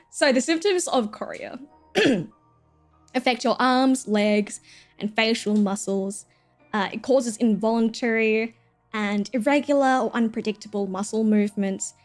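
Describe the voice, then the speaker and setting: A woman streaming, chatting casually and jokily with plenty of fillers and giggles, with faint music behind her. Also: fairly high pitch. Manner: rambling, jokey, lots of fillers and giggles.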